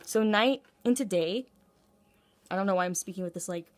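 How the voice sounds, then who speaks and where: A tarot reader speaks to camera at medium pitch and normal speed, giving a casual, intuitive reading. She's effusive and rambling, with lots of fillers and frequent self-interruptions.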